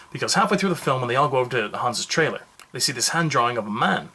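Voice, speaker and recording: A man giving a casual, jokey movie review, telling the story in a rambling, animated way. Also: medium pitch.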